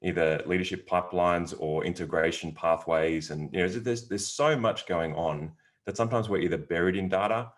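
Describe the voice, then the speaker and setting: Deep-voiced Australian male pastor. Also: steady tone, normal speed, hardly any pauses. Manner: earnest, passionate. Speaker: pastor, podcast guest. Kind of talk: casual interview.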